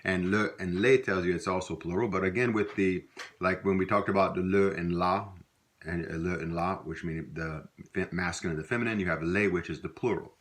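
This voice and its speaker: A middle-aged man with a Louisiana accent teaching a language lesson in a relaxed, rambling way, with many fillers and self-corrections. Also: deep voice, fairly quick. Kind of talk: casual spoken lesson.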